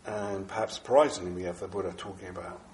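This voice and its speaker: A Buddhist teacher with a very low, darkish, steady voice gives a dharma talk to a small group, sounding nasal and bunged up from a cold. He speaks haltingly, circling back with fillers and restarts, in an echoey room with a faint ambient hum.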